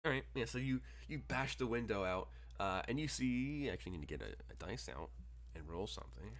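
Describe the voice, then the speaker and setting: A man's voice: fairly low pitch, animated, brisk. A man narrating as game master, rambling with many fillers and chuckles.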